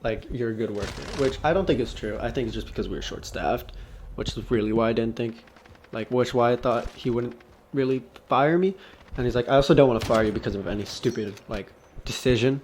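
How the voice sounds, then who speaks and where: A man's voice: medium pitch, fairly quick, darkish tone, a little hiss or hum. A young man telling a storytime story on his own vlog in a casual way, swearing freely and breaking into laughter. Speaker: vlogger.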